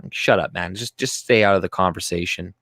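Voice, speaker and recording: This young livestream host, a native French speaker, has a lowish voice with a bit of brightness and talks a little fast into a close mic. The room is dry and dead with no room sound. Reading chat comments aloud in a casual stream, he rants loosely and off the cuff, profane and sarcastically mocking.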